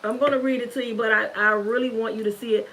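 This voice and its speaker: A woman on a live stream, nervous and holding back tears, talking in a halting, earnest way with many restarts. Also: a little high, steady tone, fairly bright tone, low-quality recording. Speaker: YouTuber. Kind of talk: emotional live-stream talk.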